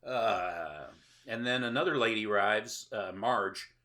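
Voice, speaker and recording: Man, podcast host, rambling sarcastic recap, lower-pitched voice, bright and forceful tone. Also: slow pace. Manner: rambling, with many filler sounds and sarcastic asides. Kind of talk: casual plot recap with jokes.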